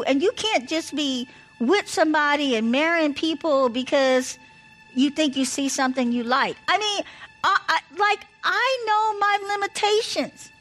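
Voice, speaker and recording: A woman's voice: extremely high pitch, a bit bright, rough recording. A woman casually telling stories and giving advice about marriage, in a chatty, anecdotal way. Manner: chatty, anecdotal, repeats "blah, blah". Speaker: speaker sharing marriage advice. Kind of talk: casual storytelling talk.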